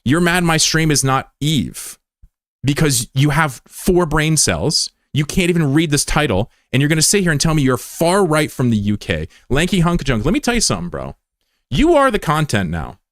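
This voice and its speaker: A man's voice: a little high, expressive, fairly quick, few pauses, no room sound, studio quality. A man from the United States, a livestreamer in casual chat, taunting and combative with a viewer and swearing freely.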